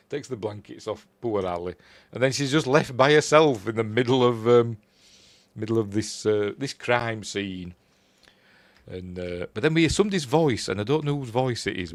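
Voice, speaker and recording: Yorkshire-accented male film reviewer, chatty rambler, slightly low voice, dry mic. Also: no echo. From Yorkshire, England. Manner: rambling, chuckling, quotes characters in a raised voice. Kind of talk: casual film recap.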